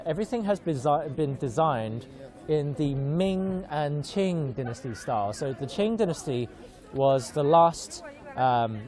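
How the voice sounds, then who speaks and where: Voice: medium pitch, darkish tone. Chatty young reporter in a busy crowd. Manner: chatty, friendly, with many fillers. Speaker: reporter guiding a live tour. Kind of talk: live walking tour report. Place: busy outdoor market street in an old town. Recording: crowd and music outdoors.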